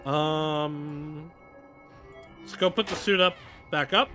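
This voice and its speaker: A man's voice: a little high, slow pace, sharp tone, soft background music. A man streaming a video game live, thinking aloud and reading out game text as he plays. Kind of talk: live game playthrough commentary.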